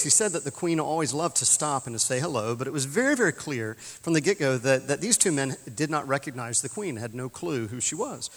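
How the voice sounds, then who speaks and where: A man's voice: medium pitch, expressive, brisk, hardly any pauses, a bit bright. A male pastor delivers a sermon in an easygoing, conversational way, dropping in chuckling asides. His voice sits in a medium range. The sanctuary adds a long, lingering reverb. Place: church sanctuary.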